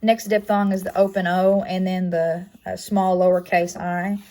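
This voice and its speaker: A woman's voice: on the low side, level tone, normal speed, mellow. A young woman giving a class project presentation, speaking plainly with frequent ums and uhs. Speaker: student presenter.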